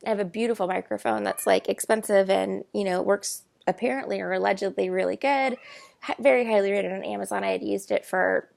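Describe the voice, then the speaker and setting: A woman's voice: mid-range voice, fairly even intonation, brisk, creaky, darkish tone. A woman giving a casual, rambling tarot reading on her channel, talking into earbud microphones with many fillers. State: tearful, emotional at times. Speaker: tarot reader.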